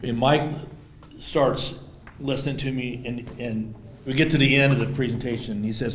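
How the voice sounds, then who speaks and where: A man's voice: mid-range voice, fairly even intonation, moderate pace, a bit bright, slight background noise. A man, the guest of honor at a dinner, telling stories in a blunt, informal way with salty language. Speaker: guest of honor, oil executive. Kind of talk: casual anecdotal storytelling. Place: banquet hall. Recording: echoey room.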